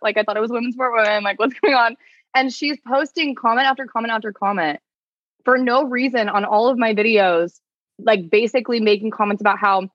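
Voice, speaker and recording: A woman's voice: on the high side, a little fast, no room sound. Chatty young woman telling a story, dry dull mic. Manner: animated storytelling, heavy use of "like", quoting people. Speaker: attorney and content creator, guest. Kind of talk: casual podcast chat.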